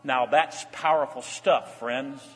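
A man's voice: medium pitch, slow, a bit bright. An older man, a pastor preaching a sermon in a church, with earnest emphasis that rises and falls. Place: church sanctuary. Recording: long hall reverb.

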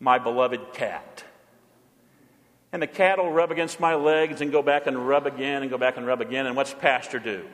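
Male pastor giving a sermon, swings from big declarations to soft asides, echoey sanctuary. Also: mid-range voice, moderate pace. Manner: emphatic, swings between loud proclamation and quiet asides.

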